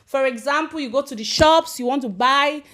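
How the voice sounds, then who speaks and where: A woman from Cameroon hosts her own live stream, chatting warmly and casually, greeting viewers and commenters by name as they join, and switching between English and Swedish. Her voice sits high and moves at a moderate pace.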